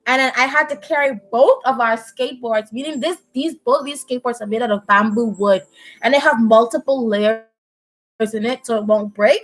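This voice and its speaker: High-voiced Bahamian woman telling a story. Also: moderate pace, rough recording. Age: young adult. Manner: animated, chatty storyteller with frequent laughs. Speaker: live-stream host. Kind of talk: casual chat, storytelling. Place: at home indoors.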